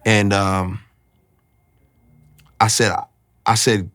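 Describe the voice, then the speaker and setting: A man sharing a personal faith testimony, earnest and confessional, often pausing to find his words. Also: lowish voice, flat delivery, a bit bright.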